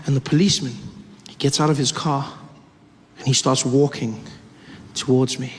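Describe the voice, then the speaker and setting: A man telling a story in his stand-up comedy set, animated and acting out the scenes, recorded live on stage with an audience. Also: medium pitch, moderate pace. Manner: animated, acts out scenes, shifts voices. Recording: live hall reverb and crowd noise.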